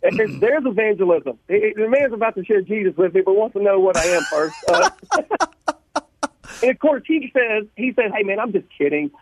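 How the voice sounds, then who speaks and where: A man from Louisiana, telling his life story as a radio guest, animated and laughing, often repeating words. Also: high voice, normal speed, slight background noise. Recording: tinny phone line, dry.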